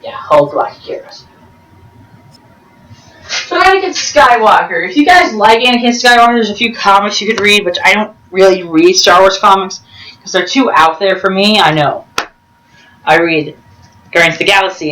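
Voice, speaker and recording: A woman giving rambling, jokey game commentary, full of excitable outbursts and self-corrections. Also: mid-range voice, moderate pace. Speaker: gameplay commentator. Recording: roomy, distant mic with game music.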